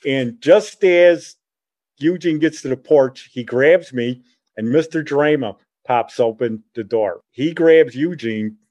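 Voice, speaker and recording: A middle-aged man recounting a childhood memory in loose, rambling storytelling, often correcting himself as he goes. His voice sits in an ordinary male range, animated and conversational. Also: medium pitch, takes it slowly, lo-fi sound. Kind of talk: casual spoken reminiscence.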